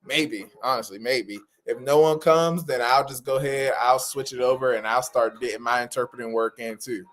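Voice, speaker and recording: A man hosts a livestream for sign language interpreters, speaking casually and informally to his viewers and frequently repeating phrases to stress them. His mid-range voice has a fairly bright tone and moves at a normal speed.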